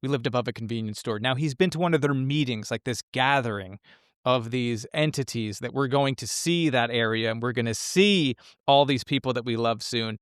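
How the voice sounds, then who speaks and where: Smooth-voiced man chatting about a film. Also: mid-range voice, dry recording, studio quality. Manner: enthusiastic, rambling, quick restarts. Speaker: podcast co-host. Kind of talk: casual film discussion.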